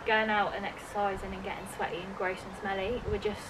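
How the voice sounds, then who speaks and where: A woman's voice: medium pitch, flat delivery, fast, background noise. A young woman chatting casually for a vlog, talking through plans step by step. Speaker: vlogger.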